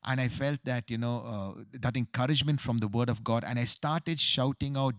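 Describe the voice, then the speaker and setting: A middle-aged man earnestly telling his survival testimony, halting often with fillers and repeated words. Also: medium pitch, a bit bright, no echo, studio quality.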